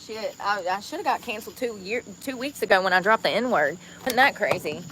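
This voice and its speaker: A woman chats to her livestream viewers in a bright, forceful voice. She rambles loosely and calls them y'all. Faint crickets and insects buzz behind her outdoors. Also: medium pitch, animated, a little fast, hardly any pauses, slight background noise. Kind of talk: casual livestream chat. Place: outdoors on the street.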